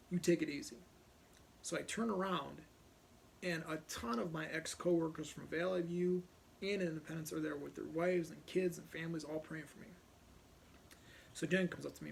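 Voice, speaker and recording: A man's voice: fairly high pitch, creaky, a little hiss or hum. A man telling a personal story bluntly and profanely.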